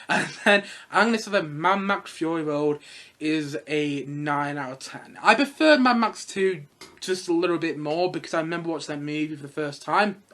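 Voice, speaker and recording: A young man reviewing films in a casual vlog, excitable and gushing, rambling along with bursts of laughter. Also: fairly high pitch. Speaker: film reviewer.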